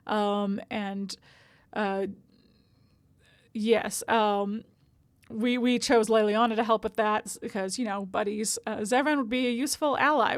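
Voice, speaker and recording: Woman, game streamer, casual rambling commentary, self-deprecating, slightly high voice, dry close sound. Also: steady tone, normal speed, no echo.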